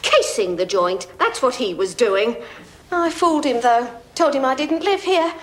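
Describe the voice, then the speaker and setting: A woman's voice: high voice, lively intonation, normal speed. An actress playing a suspicious, chatty landlady, speaking. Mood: indignant. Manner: indignant, chatty. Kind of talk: television drama acting.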